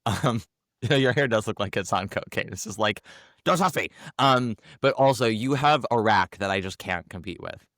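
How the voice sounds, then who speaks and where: Hoarse, campy male podcast host. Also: lowish voice, a bit bright, dry recording, studio quality. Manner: campy, teasing, quick jokes. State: hoarse from laryngitis. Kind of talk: casual chat.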